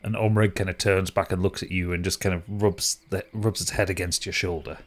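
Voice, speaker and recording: A man's voice: deep voice, level tone, brisk. A man narrating a tabletop game as game master, in a hesitant way with many restarts.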